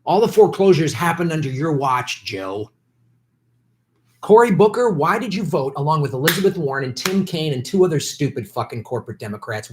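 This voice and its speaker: A slightly high male voice, with a little hiss or hum in the audio, belongs to a political livestreamer. He bitterly rants at politicians without a script, shouting and swearing angrily.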